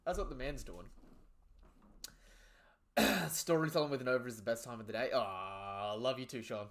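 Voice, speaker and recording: A man giving excited, profanity-laden live commentary while reading through a comic chapter and chatting to viewers. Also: mid-range voice, normal speed, long pauses. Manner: excitable, swears freely; reads the panels aloud as he goes. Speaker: live reaction streamer. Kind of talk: casual live reaction commentary.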